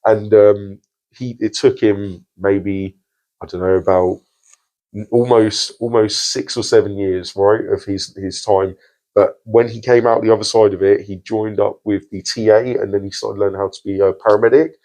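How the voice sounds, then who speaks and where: A man's voice: fairly low pitch, fairly even intonation, normal speed, warm tone, rough recording. A man hosting a podcast, speaking earnestly with hesitations and restarts. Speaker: podcast host. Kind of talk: casual podcast interview.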